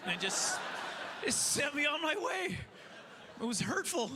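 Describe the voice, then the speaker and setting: Guy doing standup, high voice, self-mocking bits, live stage mic with hum behind. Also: moderate pace. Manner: self-mocking, animated storytelling. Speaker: stand-up comedian. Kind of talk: stand-up comedy set. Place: comedy festival stage before a live audience.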